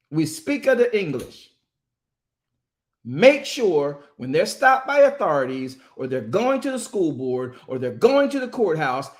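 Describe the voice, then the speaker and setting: A man who hosts and preaches on a talk show, emphatic and drawing out words to stress them. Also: high voice. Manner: emphatic, drawn-out words for stress, quotes voices. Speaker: host and minister.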